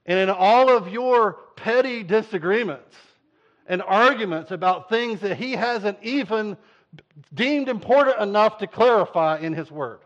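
Male pastor, lively storyteller, slightly high voice, dull lo-fi recording. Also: measured pace. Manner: animated storyteller, acting out voices. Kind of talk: sermon with storytelling. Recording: dull lo-fi sound.

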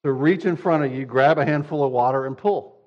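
A man's voice: mid-range voice, fairly quick. Male pastor, sermon; direct, repetitive emphasis; slightly muffled recording.

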